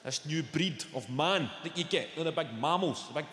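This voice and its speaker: A man's voice: fairly high pitch, fairly quick. A man in his thirties with a Scottish accent doing a stand-up routine, brash and sweary, telling his stories with lots of energy. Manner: brash, sweary, animated storytelling. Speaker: stand-up comedian. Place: large theatre stage. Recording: echoey live hall with audience.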